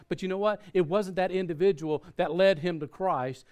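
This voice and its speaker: A man's voice: sits high, fairly even intonation, a little fast, hardly any pauses, smooth. A man preaching a sermon in a conversational way, often restarting his sentences and using fillers. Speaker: pastor.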